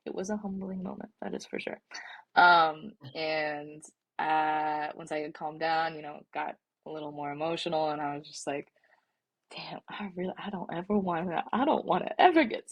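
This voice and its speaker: A young woman in her twenties, a soccer player and podcast guest, telling a story casually with many fillers and restarts. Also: low voice.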